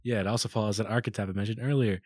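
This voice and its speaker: A young man chatting casually about movies as a podcast guest, laid-back and quick to laugh. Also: fairly low pitch, steady tone, darkish tone, no echo, studio quality.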